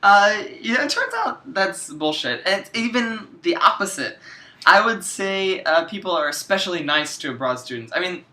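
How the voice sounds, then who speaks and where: A man's voice: high-pitched, animated, normal speed, sharp tone. A young American man in casual chat about studying abroad, laid-back and laughing as he jokes. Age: young adult.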